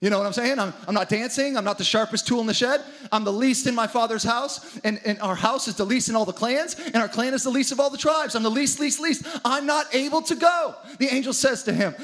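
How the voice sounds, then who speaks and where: A man's voice: very high voice, fairly quick, few pauses, a bit bright. A man preaching a sermon with dramatic energy, acting out the story's characters in his own voice. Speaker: pastor.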